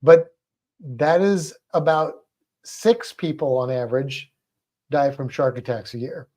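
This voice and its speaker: A man co-hosting a trivia livestream, reading out questions and viewer comments in relaxed chat, laughing easily. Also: on the high side, unhurried.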